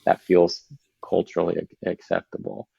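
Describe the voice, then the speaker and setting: Deep-voiced man explaining reflectively. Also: completely flat delivery, moderate pace, gravelly, breathy edge, no room sound, lo-fi sound. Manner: reflective, explanatory, frequent "right?" asides. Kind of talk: podcast conversation.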